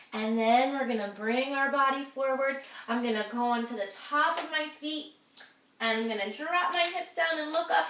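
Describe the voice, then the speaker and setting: A woman with a fairly high, pushed, bright voice cheerfully guides a children's yoga class, encouraging the kids through each pose. She's recorded from a distance in an echoey room.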